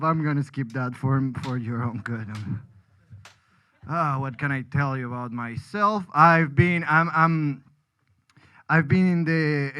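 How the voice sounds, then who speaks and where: A man's voice: medium pitch, fairly bright tone, a little hiss or hum, poor audio. A man from Colombia, a comedian rambling through a self-deprecating stand-up set with frequent restarts.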